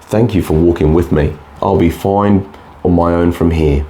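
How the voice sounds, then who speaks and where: A man voicing a polite, trusting little girl in a red hood in a bedtime storybook reading, gentle and innocent in manner. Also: low voice, normal speed, a little hiss or hum, close to an everyday voice. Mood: cheerful.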